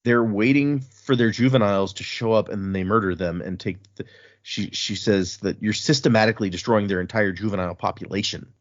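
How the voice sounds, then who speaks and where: A man's voice: on the low side, brisk, dull audio. A man co-hosting a podcast, casually and animatedly retelling book chapters with chuckles and loose fillers. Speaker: podcast co-host.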